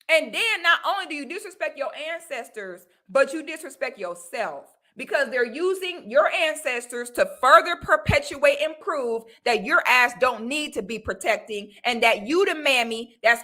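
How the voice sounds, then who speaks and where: A woman's voice: sits high, sharp tone. A young woman, hosting a livestream and delivering a heated, profane commentary in emphatic bursts. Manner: emphatic, profane, rants in rising outbursts. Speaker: livestream host.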